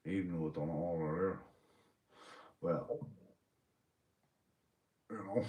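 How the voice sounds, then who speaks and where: Chatting casually with his livestream viewers, this Northern Irish host has had a few beers and rambles, swears and laughs often. He speaks at a fairly low pitch with lively intonation, unhurried and with long pauses, in a reverberant space.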